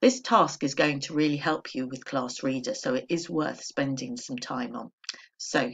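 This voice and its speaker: An English woman teacher talks through a recorded lesson for young pupils. Her voice has a gravelly, creaky edge. She explains each step clearly and patiently. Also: a bass voice, moderate pace. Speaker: primary school teacher.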